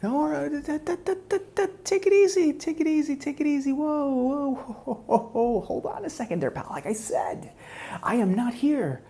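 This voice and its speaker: A man voicing a smug, menacing male hitman in a whispered role-play, taunting his captive in a soft, close voice. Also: extremely high pitch, lively intonation, moderate pace, creaky, heavily acted. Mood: menacing calm. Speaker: ASMR role-play performer.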